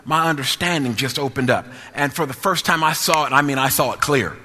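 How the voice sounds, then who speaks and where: A man's voice: medium pitch, brisk, bright, forceful tone, in a large hall. A man preaching a testimony sermon with emphatic, repetitive phrasing that builds to sung-out peaks.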